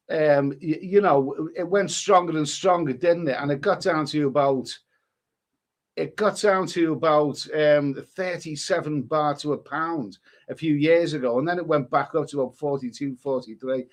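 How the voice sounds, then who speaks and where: A man's voice: fairly high pitch, normal speed. A middle-aged man from England hosting a casual live stream, reading out viewer names and messages and chatting about them. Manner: rambling, chatty, reads out usernames and messages.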